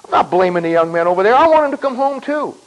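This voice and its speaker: Folksy preacher man, high-pitched. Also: big pitch swings, fast talker, rough recording. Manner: folksy, emphatic, repeats himself; clears throat often. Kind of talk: sermon.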